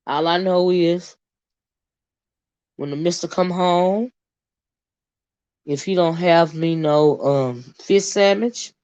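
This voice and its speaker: A woman's voice: low voice, no echo, highs cut off. A woman, chatting casually to her viewers, talkative and laughing often. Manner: chatty, laughs a lot, drawls "child" and "y'all". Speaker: vlogger.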